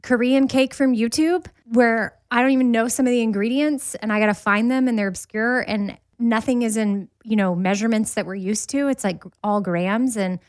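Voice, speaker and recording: A middle-aged woman hosting a podcast, chatting in an animated, storytelling way and laughing easily. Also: a little high, moderate pace, few pauses, no room sound, studio quality. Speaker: podcast host. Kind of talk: casual chat.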